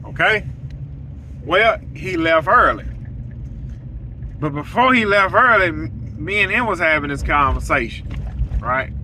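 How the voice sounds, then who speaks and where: A man's voice: on the high side, expressive, unhurried, pauses often, bright, forceful tone, a little hiss or hum, poor audio. A man, a welder hosting his own show, telling a story straight to his viewers in a blunt, preachy way. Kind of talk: casual storytelling monologue to viewers.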